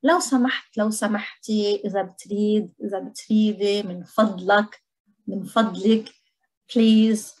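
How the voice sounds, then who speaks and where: A woman with a Lebanese accent gives a language lesson, saying each word slowly and more than once. Her voice is husky and breathy, at a middle pitch. She sounds patient and clear as she explains to her learners. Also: steady tone, a little mellow, low-quality recording. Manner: slow and clear, repeating words for learners. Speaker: Lebanese Arabic teacher.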